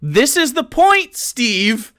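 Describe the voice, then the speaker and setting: Heated sarcastic male streamer, high animated voice. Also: takes it slowly, clean tone, dry recording, studio quality. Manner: heated, sarcastic, profane, mimics others. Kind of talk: reaction commentary.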